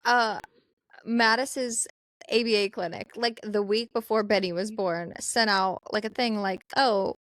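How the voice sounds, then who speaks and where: A woman's voice: medium pitch, fairly even intonation, measured pace, fairly bright tone, no room sound, studio quality. A woman co-hosting a podcast, opening her story in casual chat with hesitant fillers. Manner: hesitant, filler-heavy delivery. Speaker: podcast co-host.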